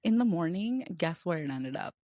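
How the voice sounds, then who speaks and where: A woman's voice: on the low side, expressive, normal speed, mellow, dry recording, clean studio sound. A woman co-hosting a podcast, telling stories animatedly and laughing often. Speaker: podcast co-host. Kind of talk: casual chat.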